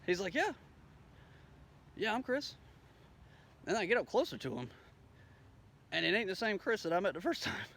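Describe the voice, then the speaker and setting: A man's voice: high voice, very animated, fast talker, long pauses, fairly bright tone. A man telling a rambling, profane story in a casual way, acting out the dialogue as he goes. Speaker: storyteller recounting his day.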